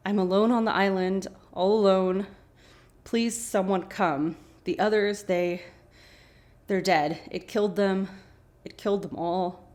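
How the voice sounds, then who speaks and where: A woman voicing a frightened young woman stranded alone, pleading slowly. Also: mid-range voice, steady tone, darkish tone, lightly acted.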